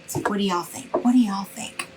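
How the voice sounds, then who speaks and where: A woman's voice: mid-range voice, normal speed, slight background noise, poor audio. A middle-aged woman hosting a craft livestream, chatting casually and folksily with her viewers and calling them y'all. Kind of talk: casual chat with live viewers.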